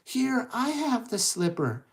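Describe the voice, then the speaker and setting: Man putting on a sweet young girl's voice way up high, gentle and comforting, kids storybook. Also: big pitch swings, slow, heavily acted. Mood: reassuring. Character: kind young woman heroine, gentle and reassuring.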